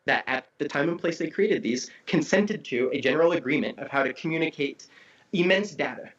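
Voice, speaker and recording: A man in a casual conversation, explaining ideas as a guest teacher in an animated way and acting out tones of voice. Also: fairly high pitch, a little fast. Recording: dull lo-fi audio.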